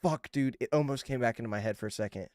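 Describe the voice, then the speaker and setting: In a quick, mid-range, slightly mellow voice, a young man loosely chats with his livestream viewers, swearing and getting irritated as he rambles. The audio is studio quality with no room sound.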